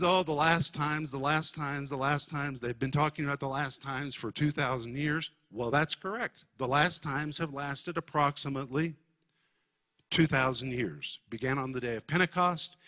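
Male Bible teacher, bright tone, emphatic sermon delivery, stops to unpack Greek terms. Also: fairly high pitch. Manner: emphatic, explains Greek words slowly.

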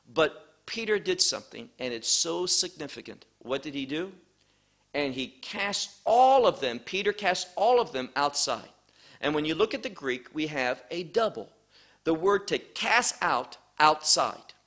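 Male Bible teacher, slightly high voice, very unhurried, verse-by-verse explanation. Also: pushed and bright. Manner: slow, deliberate, explaining Greek words.

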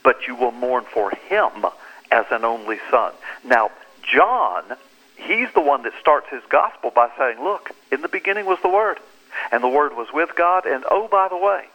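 A man's voice: medium pitch, big pitch swings, a little slow, sharp tone, rough recording. A man speaking as an author and pastor guest in an interview, explaining scripture in an earnest, emphatic, preacherly way. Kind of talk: animated interview talk.

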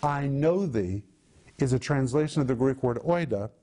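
A middle-aged man giving a sermon-style Bible teaching, explaining Greek words and slowing down to stress key words. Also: medium pitch, lively intonation, warm tone.

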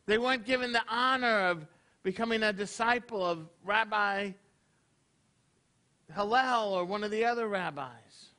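A rabbi delivers a casual, conversational sermon to his congregation in their hall, tossing out rhetorical questions. His voice sits high and sounds bright and forceful, with a measured pace.

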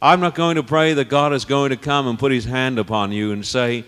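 Smooth-voiced preacher in a hall. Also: male voice, medium pitch, a little fast, few pauses, a bit bright. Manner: earnest, pleading, repeats phrases for emphasis. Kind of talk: evangelistic sermon. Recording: long reverb of a hall.

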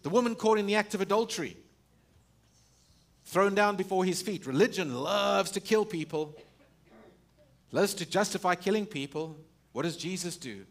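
A male pastor preaching a sermon, full of rhetorical questions and restarts, swinging from loud emphasis to hushed, low stretches. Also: expressive, moderate pace, pauses often.

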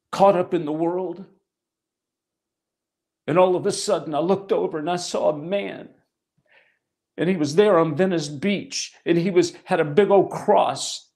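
Gravelly-voiced male preacher telling his story. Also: on the high side, darkish tone. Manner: storytelling, emphatic repetition. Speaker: pastor. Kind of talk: sermon with personal testimony.

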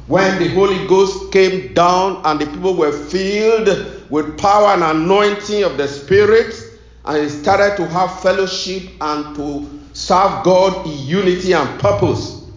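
A man's voice: sits high, roomy sound. A male preacher delivering a sermon and prayer with a rhythmic, repetitive cadence.

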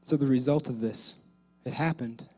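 A male pastor delivering a sermon, speaking directly to the congregation and swinging between loud exhortation and quiet asides. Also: medium pitch, normal speed, husky, faint music behind.

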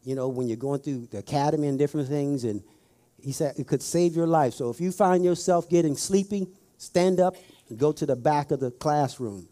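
A middle-aged preacher talks fairly quickly, his voice mellow and on the high side. The sermon is conversational and folksy, built on stories and direct questions to those listening.

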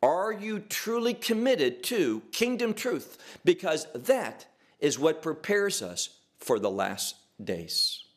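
A man's voice: on the high side, sing-song, slow pace. A man preaching a sermon, emphatic, asking rhetorical questions and drawing out key words.

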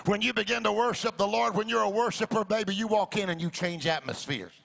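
Gravelly high-voiced man preaching. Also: quick pace. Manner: rising to shouted, sung-out exclamations; playful, jokey asides to the congregation. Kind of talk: sermon. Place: church.

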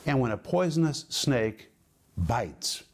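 A man's voice: medium pitch, big pitch swings, slow, husky. A middle-aged man preaching an emphatic sermon, explaining word meanings with big rises and falls in his voice.

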